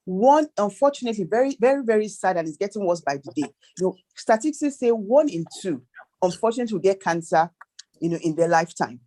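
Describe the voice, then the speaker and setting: A woman's voice: medium pitch, animated, fast, dark tone. A woman guest, a financial planner, giving emphatic advice in a panel chat, running through percentages and firing off rhetorical questions. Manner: emphatic, lists figures, asks rhetorical questions. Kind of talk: advice talk.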